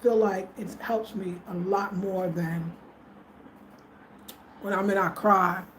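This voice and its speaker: A middle-aged American woman vlogs from a rural home in Ghana, chatting casually with her livestream viewers and thanking them by name as she answers the live chat. Her voice is medium-pitched and steady, and she takes her time. The room echoes and has faint ambient noise.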